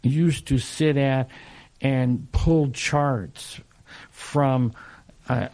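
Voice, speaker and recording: An older man in his sixties speaks slowly as an interview guest. He tells his stories haltingly, with plenty of uhs and restarts. His pitch sits in a middle range for a man. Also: steady tone, a little mellow. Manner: unhurried, halting, lots of fillers and restarts, chuckles. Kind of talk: casual storytelling in an interview.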